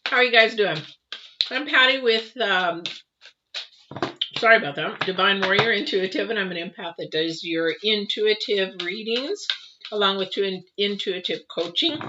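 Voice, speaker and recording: A woman's voice: mid-range voice, moderate pace. A woman reading tarot cards live for viewers, chatty and rambling, with many ums and restarts. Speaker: tarot reader. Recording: dull lo-fi with clear background noise.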